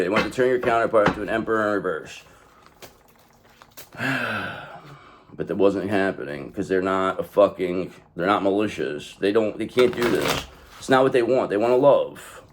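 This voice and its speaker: A man's voice: fairly low pitch, a little hiss or hum. A man giving a casual tarot card reading, blunt and profane, rambling as he talks straight to the viewer. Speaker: tarot reader.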